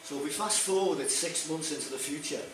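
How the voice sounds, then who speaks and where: A Liverpool man does stand-up, chatting through long jokes and slipping into the characters as he goes. His voice sits slightly high. It is caught from a distance in a very echoey room with a clear background hum. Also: brisk. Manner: chatty joke-telling, acting out characters. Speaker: stand-up comedian. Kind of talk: stand-up comedy routine. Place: stage in a room with an audience. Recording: echoey room recorded from afar.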